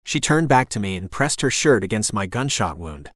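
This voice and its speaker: A man narrating a first-person novel as an audiobook in a steady storytelling voice. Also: lowish voice, normal speed, no echo, studio quality.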